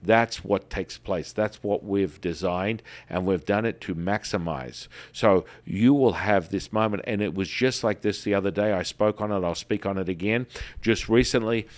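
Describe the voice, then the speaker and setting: A man hosting a podcast, talking in an emphatic, repetitive way and telling animated stories. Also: fairly low pitch, normal speed. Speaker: podcast host. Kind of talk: enthusiastic promotional talk.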